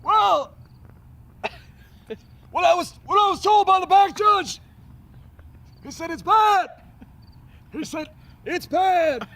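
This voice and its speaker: A man putting on the voice of a frantic older male football coach, yelling in a shrill, cracking tone. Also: expressive, slow pace, long pauses, heavily acted.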